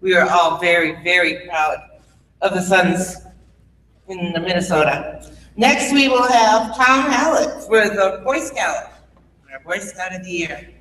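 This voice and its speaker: Bright high voiced guy chairing the meeting, brisk, echoey hall. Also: slight background noise. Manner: brisk interjections. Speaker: convention commander presiding.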